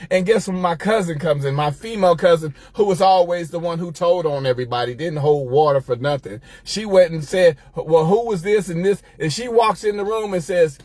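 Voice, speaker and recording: A middle-aged man with a high voice tells a church story in a lively, chatty way, often laughing and talking straight to his audience. His voice is close and dry, with no room sound. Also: no echo. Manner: animated, laughing, addresses listeners as y'all. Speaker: host. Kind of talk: casual storytelling monologue.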